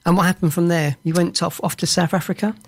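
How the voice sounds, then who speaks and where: Host asking questions in an interview, kinda halting, restarts a lot, medium pitch. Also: steady tone.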